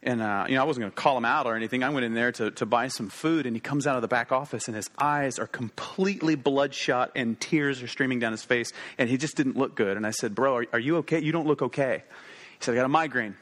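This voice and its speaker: A man in his thirties preaching a sermon as a story, moving between quick conversational asides and slow, emphatic pauses. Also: medium pitch, a bit bright.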